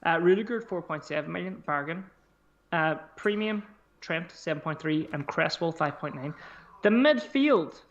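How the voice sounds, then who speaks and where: A man co-hosting a podcast in casual chat, chatty and animated, swearing freely as he talks. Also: fairly high pitch, moderate pace, lo-fi sound. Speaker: podcast co-host.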